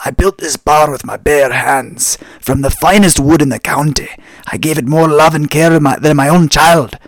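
A man voicing a bitter old Scottish man in a pub, ranting loudly and indignantly. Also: a little high, normal speed, dry recording, voice pushed up.

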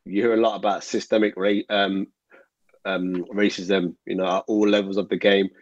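A man's voice: low voice, flat delivery, normal speed, no echo. A man, a former footballer speaking as an interview guest, earnest and rambling with many fillers. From England. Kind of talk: reflective interview talk. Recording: dull, dry audio.

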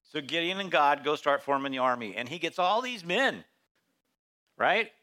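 In his church sermon, a male pastor recounts Bible stories with energy and acts out the voices of the characters. His pitch is on the high side and his pace moderate.

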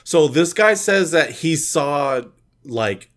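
A man hosting a casual chat, telling a made-up scenario in a joking, lively way. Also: fairly high pitch, slow pace. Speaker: podcast host.

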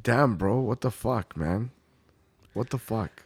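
A man's voice: fairly low pitch, lively intonation, slow, breathy edge, dry recording, clean studio sound. A man co-hosting a podcast in casual chat, profane and rambling, laughing often. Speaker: podcast co-host.

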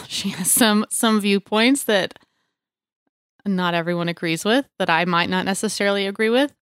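A woman's voice: medium pitch, moderate pace, a bit bright, smooth, no room sound, studio quality. A young adult woman hosting a casual faith podcast, talking in an earnest, chatty way with many fillers. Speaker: podcast host.

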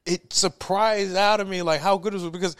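A young man co-hosting a casual reaction chat, animated and slangy, laughing often and restarting his sentences. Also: high-pitched, fairly quick, smooth, no room sound, clean studio sound. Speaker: co-host.

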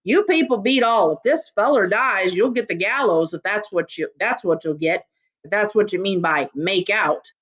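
A woman doing a gruff blustering country constable. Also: mid-range voice, animated, moderate pace, a bit bright. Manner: blustering, folksy ungrammatical speech.

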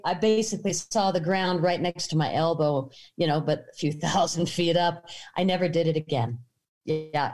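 A woman's voice: lowish voice, a little mellow. A woman, a filmmaker, telling a story in a casual interview, animatedly acting out voices in her anecdotes. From United States. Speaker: filmmaker guest.

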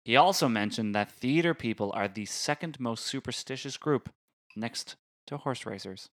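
Male podcast co-host, mid-pitched, teasing and jokey, casual banter. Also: moderate pace. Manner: teasing, jokey, reads facts aloud. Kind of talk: casual chat.

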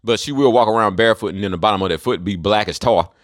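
A man's voice: lowish voice, quick pace, dry recording, studio quality. A man in a casual, rambling monologue, profane and drawling, often trailing off into fillers. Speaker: monologue speaker.

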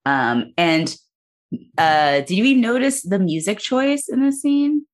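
A woman hosting a casual movie podcast, recapping the plot in an animated way and laughing often. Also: medium pitch, slow. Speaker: podcast host.

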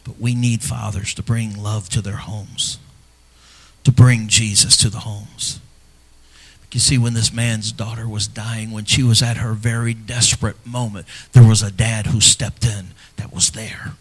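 A middle-aged man, a pastor, preaching a sermon in a church, earnest and personal, swinging from loud emphasis to hushed, near-whispered lines. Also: lowish voice, level tone, a little slow. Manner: earnest and personal, speaking to fathers.

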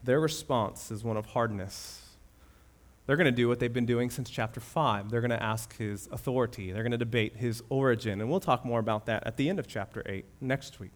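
A man preaching a sermon as pastor, moving between loud emphatic declarations and hushed, reverent passages. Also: mid-range voice, fairly quick.

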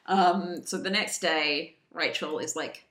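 A woman co-hosting a podcast, recapping a story in casual chat, animated and laughing as she acts out the quotes. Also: low voice, slow pace. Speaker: podcast co-host. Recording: roomy echo.

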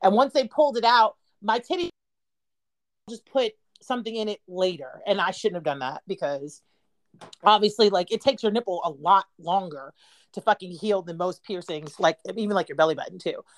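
A woman's voice: medium pitch, normal speed. A woman in her thirties co-hosting a podcast, telling a story in casual chat, swearing freely and laughing often. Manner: profane, laughing, animated storytelling. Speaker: podcast co-host.

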